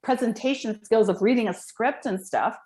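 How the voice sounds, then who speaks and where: Animated middle-aged woman coach. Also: a little high, moderate pace. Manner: animated, rambling storyteller. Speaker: guest, live video and voice coach. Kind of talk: casual interview chat.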